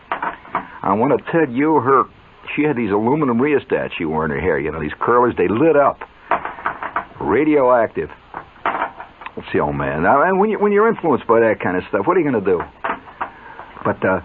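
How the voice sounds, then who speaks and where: A man telling a rambling comic story in a chatty, digressive way, with excited yelps rising up as he builds. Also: fairly low pitch. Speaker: radio storyteller. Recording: tinny narrow-band old recording, faint hiss.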